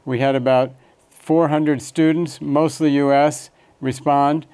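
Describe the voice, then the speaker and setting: Casting: male event host, smooth resonant voice, loose delivery. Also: a little high, level tone, slow, a little mellow. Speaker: symposium host. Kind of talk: event introduction.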